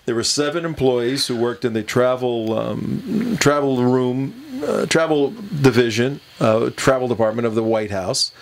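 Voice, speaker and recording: A man's voice: mid-range voice, measured pace, creaky, hardly any pauses, a little hiss or hum. A man hosting a political talk radio show, telling a long rambling story with many fillers and chuckles.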